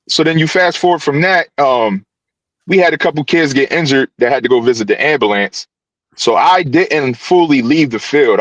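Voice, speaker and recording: A youth football coach telling a story on a podcast over a video call, animated and full of restarts. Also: male voice, medium pitch, dry recording, rough recording. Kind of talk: casual podcast guest recounting events.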